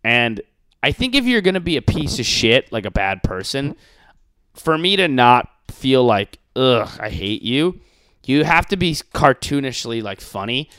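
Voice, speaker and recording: A man's voice: mid-range voice, normal speed, clear, resonant tone, dry recording. A man hosting a podcast, ranting casually with crude jokes and mocking impressions. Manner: animated, profane, mocking impressions. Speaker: podcast host.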